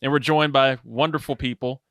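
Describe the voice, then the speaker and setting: A man's voice: mid-range voice, steady tone, fairly quick, fairly bright tone, no echo, studio quality. A man hosting a podcast, opening the show in a playful, mock-formal way. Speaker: podcast host.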